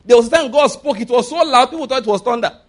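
Male preacher, high voice, lively sermon delivery with playful acted-out quotes. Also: fast. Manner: lively, laughing often, acts out quoted voices.

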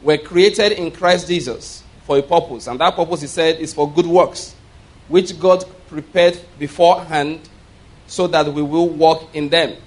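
Male pastor, sermon, slightly raised pitch, slow emphatic scripture reading, call-and-response. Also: fairly even intonation. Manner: reads scripture slowly and emphatically, asks congregation to repeat words. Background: congregation responding.

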